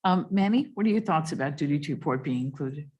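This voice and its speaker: A woman's voice: deep voice, animated, fast, darkish tone, highs cut off. A woman chairing a commission meeting, talking informally and thinking aloud. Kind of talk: meeting discussion.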